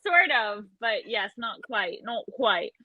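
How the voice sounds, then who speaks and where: A woman's voice: fairly high pitch, big pitch swings, slow pace, narrow, tinny audio, a crowd in the background. A woman co-hosting an open mic live stream, chatting playfully and swearing freely as she gushes over poems. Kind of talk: casual live-stream chat. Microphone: live-stream call.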